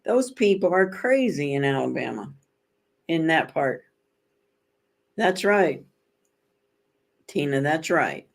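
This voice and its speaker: A woman's voice: deep voice, sing-song, slow, creaky, long pauses. A woman hosting a casual livestream chat with viewers, telling stories in a rambling, self-correcting way with dramatic emphasis. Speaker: livestream host.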